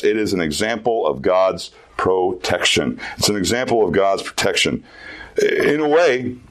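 Youth pastor, male, low-pitched; earnest emphatic sermon delivery. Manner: earnest, emphatic preaching with repeated phrases.

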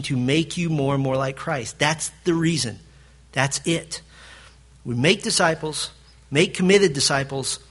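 A pastor preaching a sermon in a fairly high male voice. He drives his points hard, then pulls back to a near-hush to let them land. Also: breathy edge. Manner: emphatic preaching that swings from loud to hushed.

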